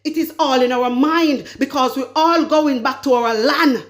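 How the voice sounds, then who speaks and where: A Jamaican woman with a high voice talks straight to her viewers on her vlog. She rants about politics in a scolding, emphatic way and hammers her points home by repeating them. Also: unhurried. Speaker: commentary vlogger. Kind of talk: political commentary rant.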